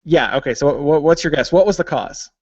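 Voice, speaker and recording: A man's voice: fairly high pitch, animated, fast talker, darkish tone, husky, no room sound, muffled recording. A man hosting a podcast, talking casually and joking, with lots of fillers. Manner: chatty, jokey, many fillers. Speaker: podcast host. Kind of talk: casual chat.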